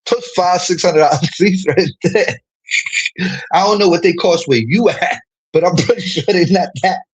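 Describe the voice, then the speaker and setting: A young streamer from the Bronx with a New York accent trash-talks in a casual, profane livestream rant, laughing between lines. His voice is high-pitched, husky, at normal speed, and the recording is rough.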